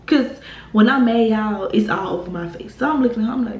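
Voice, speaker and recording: Her voice is a little high and quick, with the highs cut off, recorded in an echoey room with faint noise. This young YouTube storyteller heatedly tells a casual storytime on her channel, animated, swearing, and laughing.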